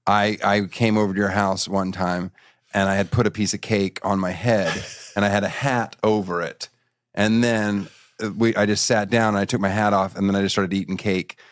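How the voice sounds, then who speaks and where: A man's voice: on the low side, fairly even intonation, no room sound. Teasing, foul-mouthed man, dry mic. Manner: teasing, profane, quick to mock. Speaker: podcast host. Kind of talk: casual chat.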